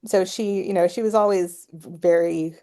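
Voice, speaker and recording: Middle-aged woman, gravelly low mellow voice, chatty storyteller on a podcast. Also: fairly even intonation, normal speed. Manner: storytelling, chatty with laughs and restarts. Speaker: psychology professor guest. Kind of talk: casual podcast conversation.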